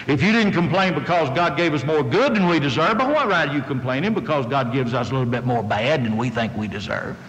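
A preacher voicing a suffering old man who hopes and pleads in a low, hushed voice. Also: lively intonation, a little fast, few pauses, lo-fi sound, close to an everyday voice. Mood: pleading. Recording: long reverb of a hall.

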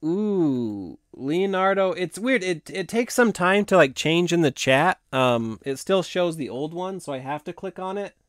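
A hoarse man hosting a casual live stream, chatting in a rambling way and laughing often. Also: high-pitched, animated, a little slow, hardly any pauses, dry recording, clean studio sound. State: hoarse from long talking.

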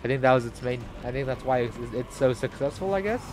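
A man doing live gameplay commentary as a streamer, profane and frustrated, breaking into loud shouts. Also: medium pitch, expressive, fast talker. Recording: noisy stream audio.

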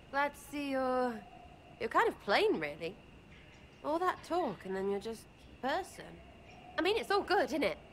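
A woman's voice: high-pitched, a bit bright, slight background noise, exaggerated voice. An actress voicing a brash, irreverent young female rogue in a video game, with slangy, mocking speech.

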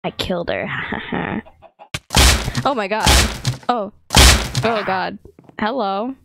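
A gaming video creator speaks slowly in a gravelly, mid-range voice against a noisy background. Her commentary is casual and giggly, full of frequent laughter and exclamations of playful panic.

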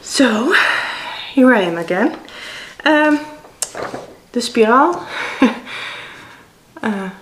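A woman's voice: on the high side, lively intonation, drawn-out words, pauses often, roomy sound, a little hiss or hum, rough recording. A middle-aged Dutch woman speaking English with a Dutch accent, chatting hesitantly as she shows her cross-stitch projects at home. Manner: chatty, hesitant, many fillers. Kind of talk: casual show-and-tell.

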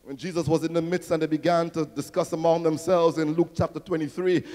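A man preaching a rousing sermon as pastor, swelling to near-shouting and calling out questions to the congregation. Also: fairly high pitch, flat delivery, fairly quick, hardly any pauses, in a large hall. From Trinidad and Tobago. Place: large church hall.

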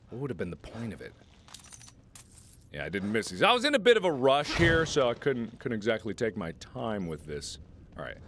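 A man in his twenties playing a game and chatting jokily with his viewers in an excitable way. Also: mid-range voice, a little hiss or hum. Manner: excitable, jokey, talks to viewers. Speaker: gaming host. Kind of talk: let's play commentary.

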